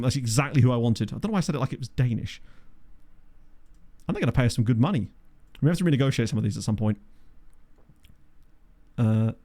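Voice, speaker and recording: A man giving casual gameplay commentary from a home desk microphone, chatty and thinking aloud, often breaking into excited exclamations. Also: mid-range voice. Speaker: game commentator.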